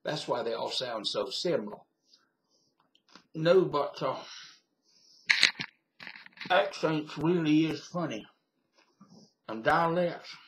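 A man's voice: on the high side, animated, slow pace, long pauses. An older man from Virginia with a Southern accent, rambling casually as he tells a story to his webcam and laughing at his own memories. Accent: Southern American (Virginia). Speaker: vlogger telling a story. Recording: echoey room via webcam.

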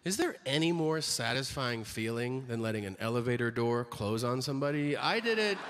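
A man performing stand-up comedy on a theater stage, telling stories with animated delivery and jumping high for quoted voices. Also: brisk. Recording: large hall with reverb, faint noise.

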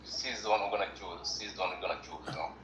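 A man's voice: low-pitched, steady tone, fast talker, fairly bright tone, roomy sound, slight background noise. A man from Gambia, a guest on a livestream, speaking earnestly and repeating himself with lots of "you know". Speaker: guest caller. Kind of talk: casual chat.

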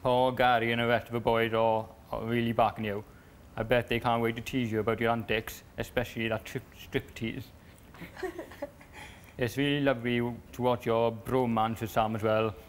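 A young man, a reality show contestant, reading a family letter aloud, halting and stumbling over words. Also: medium pitch, level tone, slight background noise. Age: young adult.

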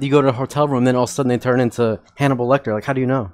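Fast-talking man pushing back bluntly. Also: medium pitch, steady tone, a little mellow. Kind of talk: casual podcast chat.

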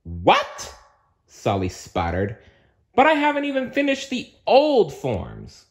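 A man's voice: lowish voice, sing-song, takes it slowly, a bit bright, full character voice. Sully, a man voicing a flustered monster boss. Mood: earnest. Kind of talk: storybook read-aloud.

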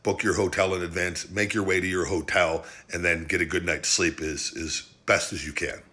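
Deep-voiced former wrestler, matter-of-fact. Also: male voice, steady tone, moderate pace, pushed and bright. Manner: matter-of-fact, walks through a routine step by step. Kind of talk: recounting life on the road.

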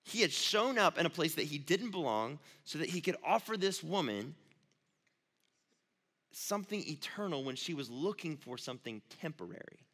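A man, a youth pastor, giving a casual, storytelling sermon with animated asides. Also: fairly high pitch, moderate pace, slightly rough. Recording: long reverb of a large hall.

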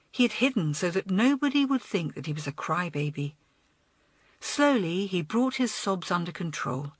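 A woman narrating a children's audiobook in an expressive, storytelling manner. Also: mid-range voice, breathy edge, dry recording.

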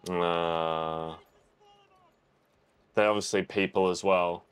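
Young aussie bloke thinking out loud at a movie, lowish voice, lots of oh man and bro. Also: steady tone, takes it slowly, clean tone. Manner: chatty, exclaims and thinks aloud. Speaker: reaction video host. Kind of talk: casual film reaction commentary.

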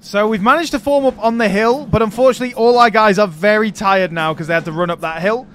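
A man hosting a gaming channel, giving chatty commentary on a strategy game, excitable and swearing freely when he rants. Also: high-pitched, quick pace, few pauses, soft background music.

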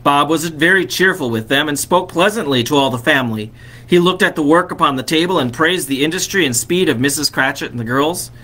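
Bright-voiced man reading a storybook aloud. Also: a little high. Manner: expressive reading, slowing on key phrases. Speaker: vicar.

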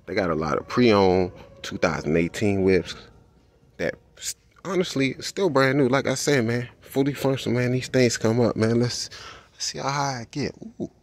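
A man with kids vlogging casually as he walks a car showroom floor, excited and slangy, tagging "man" onto nearly every line. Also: medium pitch, moderate pace. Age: adult with kids. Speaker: vlogger touring a car dealership. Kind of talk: casual walkaround vlog.

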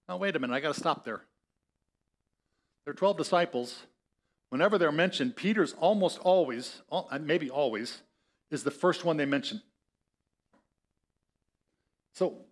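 Lively male pastor with a higher voice. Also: moderate pace. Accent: Upper Midwest American. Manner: conversational, animated storytelling, acts out voices in the story. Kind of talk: sermon. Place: church sanctuary.

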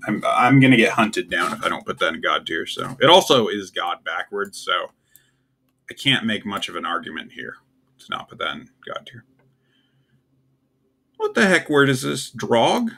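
A young man with a low, gravelly voice that still sounds bright and forward. He talks casually and offhandedly, often puzzled, and slips in wry asides as he ranks things on his own. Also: very animated, moderate pace. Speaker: tier list video host. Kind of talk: casual solo commentary.

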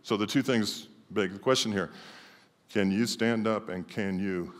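A man's voice: lowish voice, fairly even intonation, a little slow. Preaching man in a reverberant church. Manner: emphatic preaching with sudden swings from loud to quiet. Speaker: pastor. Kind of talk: sermon. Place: church sanctuary. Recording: long church hall reverb.

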